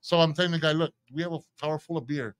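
A man, co-hosting a podcast and telling a profane, animated story in casual chat. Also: fairly high pitch, racing, no room sound. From San Antonio, Texas. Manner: profane, animated storyteller doing quoted voices. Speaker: podcast co-host.

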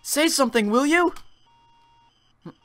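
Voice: lively intonation, a little slow, fairly bright tone, no room sound. A game player voicing an elderly, confused mother who shrieks in fright and clings to her son. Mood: frightened, shrieking. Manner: shrill, shrieking when scared, pleading. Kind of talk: voiced game dialogue.

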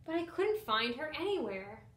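A young adult woman, a teacher, reading a picture book aloud to children in an expressive first-person style. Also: sits high, moderate pace. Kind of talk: storybook read-aloud for children. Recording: roomy echo.

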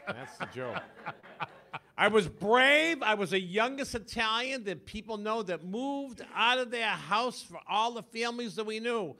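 Stand-up comic, male, sixties, high and bright, punchy one-liners. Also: expressive, a little slow. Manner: punchy joke delivery, bursts into loud sung parody. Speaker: stand-up comedian. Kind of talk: stand-up comedy set.

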